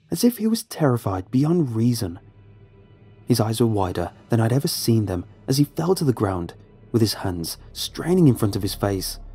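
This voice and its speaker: Mellow-voiced man narrating a horror story. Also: medium pitch, slightly rough. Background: faint music.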